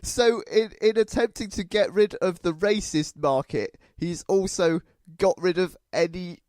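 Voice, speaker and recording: Man, podcast co-host, fairly high voice, dry recording, joking. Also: a little slow, darkish tone, dry recording. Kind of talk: casual comedy review chat.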